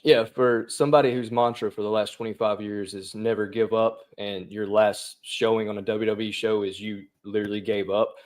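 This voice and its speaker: A man's voice: fairly low pitch, flat delivery, normal speed, hardly any pauses. A man co-hosting a casual sports talk show, chatty and opinionated. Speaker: co-host.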